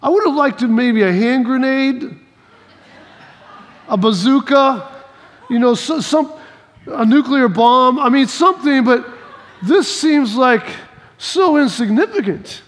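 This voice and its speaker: A man's voice: very high-pitched, expressive, slow pace, long pauses, fairly bright tone. A male preacher giving a sermon, telling stories animatedly and acting out scenes, often repeating his phrases. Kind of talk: sermon with personal storytelling. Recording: reverberant hall.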